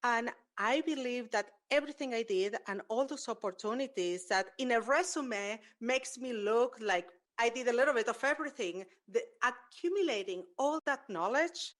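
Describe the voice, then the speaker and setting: A woman's voice: fairly high pitch, normal speed, few pauses. Woman host, native Spanish speaker. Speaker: podcast host. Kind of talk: conversational interview.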